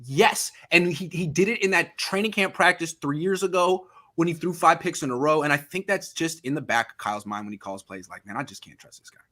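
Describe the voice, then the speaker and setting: A man with a fairly high, bright voice hosts a sports talk show. His pitch swings widely as he rants, getting worked up and heated. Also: expressive, brisk, few pauses. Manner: heated, ranting, mimics the quarterback in quotes. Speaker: sports podcast host.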